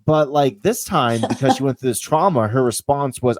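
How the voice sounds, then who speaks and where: A man hosting a casual podcast chat, telling lively stories and swearing casually. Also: medium pitch, normal speed, dry recording. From Vermont, US. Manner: animated storyteller who acts out pets' voices. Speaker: podcast host.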